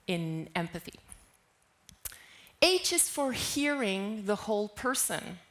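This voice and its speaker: A woman delivers a keynote at an unhurried, deliberate pace. Her voice sits at a mid pitch, and she keeps turning to the audience with questions. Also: a bit bright. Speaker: keynote speaker. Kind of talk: conference keynote talk.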